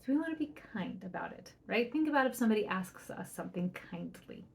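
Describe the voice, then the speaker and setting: A middle-aged woman, a parenting coach hosting her podcast, gives advice in a chatty, upbeat way, often asking "right?" and acting out soft quoted lines. Her medium-pitched voice is creaky, with lively intonation and a quick pace.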